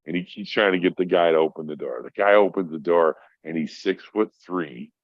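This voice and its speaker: Middle-aged male podcast guest, deep voice, rambling war-story teller, swears freely, dry lo-fi sound. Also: a little fast, dry recording. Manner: profane, rambling, acts out voices in his stories. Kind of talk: casual storytelling. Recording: dry, dull lo-fi audio.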